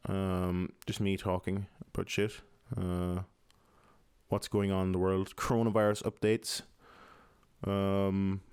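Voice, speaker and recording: Low-pitched and smooth, the voice belongs to a young Irish podcast host mumbling and swearing through a rambling, filler-heavy monologue at home. There's no room sound, and the recording is studio-clean.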